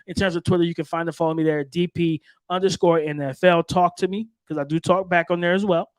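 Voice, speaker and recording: A man hosting a sports podcast, keyed up and repeating himself as he talks straight to his listeners. His voice sits a little higher than most men's. The sound is dry and close, with no room around it. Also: fairly even intonation, fast talker, clear, resonant tone, no echo. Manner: hyped, repetitive, talking straight to listeners. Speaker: podcast host.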